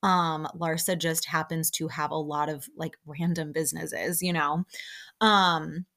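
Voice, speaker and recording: A woman's voice: sits low, a little slow. A young woman hosting a podcast, giving a casual, opinionated recap of a reality show and quoting people along the way. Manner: chatty and opinionated, many fillers, quotes people in lively put-on voices. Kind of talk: casual chat.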